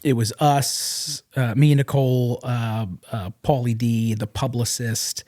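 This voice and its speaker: A man telling rambling, animated anecdotes as a podcast guest, with many fillers and restarts. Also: medium pitch, measured pace. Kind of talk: casual storytelling. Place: podcast studio.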